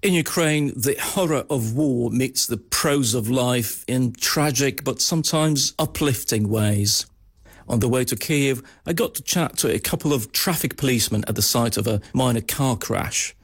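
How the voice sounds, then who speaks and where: A man's voice: medium pitch, normal speed, husky. A man correspondent narrating a scripted report in a wry, understated way.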